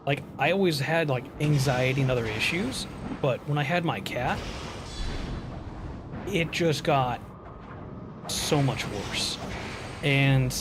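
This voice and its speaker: A man's voice: mid-range voice, expressive, slow pace, pauses often, background noise. A man streaming a video game, talking casually and cursing often as he rambles and grumbles at the game. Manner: profane, exasperated rambling while playing. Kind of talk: casual gameplay commentary.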